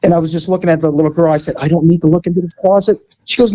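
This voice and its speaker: Man, dark mellow voice, ex-cop, casual animated storytelling, acts out voices. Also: fairly high pitch, rapid-fire, hardly any pauses, no echo. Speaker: former police officer telling stories.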